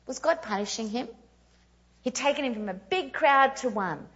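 A woman in her thirties preaching a storytelling sermon, animated and self-mocking with quick asides. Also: on the high side, dull audio. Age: 30s.

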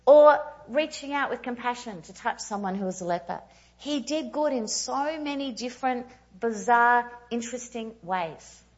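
A woman in her thirties preaching a storytelling sermon, animated and self-mocking with quick asides. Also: fairly high pitch, muffled recording. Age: 30s.

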